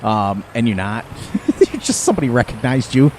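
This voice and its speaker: During a live game stream, a middle-aged man chats casually with his viewers at a normal speed. His mid-range voice has lively intonation, he rambles folksily and laughs a lot, and there's a touch of hiss or hum.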